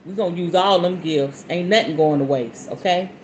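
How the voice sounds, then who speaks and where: A woman hosting a spiritual show, leading a guided meditation in a slow, soothing, homey way, with soft drawn-out "ooh" sounds. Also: on the low side, slight background noise, rough recording. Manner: casual and homey, addressing listeners as "y'all" and "baby". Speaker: spiritual podcast host. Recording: loud ocean-wave sounds behind the voice.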